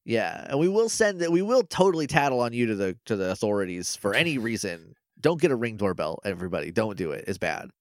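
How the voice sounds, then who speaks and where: A man's voice: on the low side, big pitch swings, fast talker, few pauses, no echo, studio quality. A man co-hosting a podcast, casually recapping a show episode with laughs and quoted voices. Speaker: podcast co-host.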